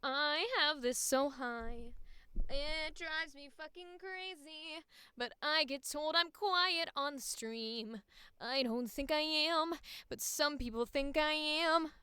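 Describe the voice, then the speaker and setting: A woman's voice: high-pitched, slow, pushed and bright, no echo. A woman with a Midwestern accent, a voice actor chatting candidly and profanely on a livestream, close on a studio mic. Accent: Midwestern American. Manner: candid, profane, self-mocking. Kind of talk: casual livestream chat. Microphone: close studio microphone.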